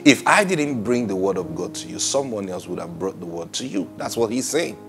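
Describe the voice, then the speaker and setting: A man preaching a sermon in an emphatic, lively way. He laughs often between points and drops into a low mutter when he acts out what people say. Soft music plays faintly behind him. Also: fairly quick, gravelly.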